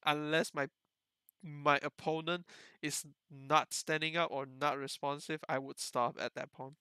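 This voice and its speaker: Young male podcast host, bright and sharp, dry close sound, loose rambling storyteller. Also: fairly high pitch, steady tone, a little slow, clear, resonant tone, no room sound. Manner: rambling, many "like" fillers, laughs often. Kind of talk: casual storytelling chat.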